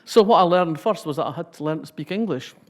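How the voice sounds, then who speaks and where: A woman's voice: lowish voice, expressive, quick pace. Wry Scottish woman telling stories. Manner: wry, humorous storytelling. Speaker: author giving a talk. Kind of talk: public talk, reading then anecdotes.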